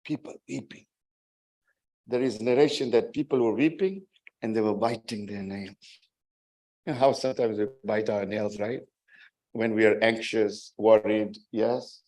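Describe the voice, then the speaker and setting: A man giving a religious sermon to a gathering. He speaks in a slow, emphatic way, rises to forceful peaks and keeps checking in with his listeners with "right?". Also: lowish voice, steady tone. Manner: rhetorical, keeps asking "right?" to the audience. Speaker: majlis speaker.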